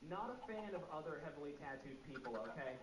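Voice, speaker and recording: Man, stand-up comedy set, high voice, self-mocking, deadpan, distant noisy live recording. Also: quick pace, echoey room. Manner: deadpan, self-mocking storytelling with rhetorical questions. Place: comedy club stage.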